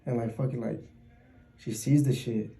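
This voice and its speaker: A man's voice: mid-range voice, steady tone, normal speed, warm tone, poor audio. A man co-hosting a podcast, retelling a spooky story in casual chat laced with profanity. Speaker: podcast co-host.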